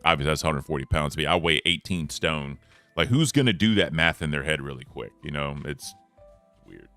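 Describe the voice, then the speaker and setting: A young man with an extremely deep voice chats casually as a podcast co-host. His tone stays bright and forward even as he rambles and lets his sentences trail off quietly. Faint music sits in the background. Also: fairly quick, clear, resonant tone. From United States.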